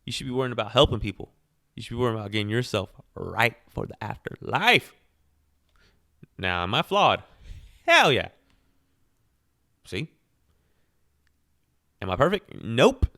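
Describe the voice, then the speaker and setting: A man's voice: mid-range voice, very animated, unhurried, vocal fry, pauses often, sharp tone, dry recording, clean studio sound. A man hosting his own podcast, speaking in a casual, opinionated monologue full of rhetorical questions and self-amused laughs. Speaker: podcast host.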